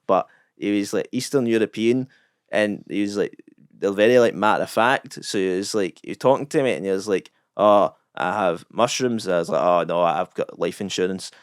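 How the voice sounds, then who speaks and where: Sweary Scottish comedian telling a story. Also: male voice, fairly low pitch, clear, resonant tone, no echo, clean studio sound. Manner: rambling, sweary, deadpan self-mocking. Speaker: comedian guest. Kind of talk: casual storytelling anecdote.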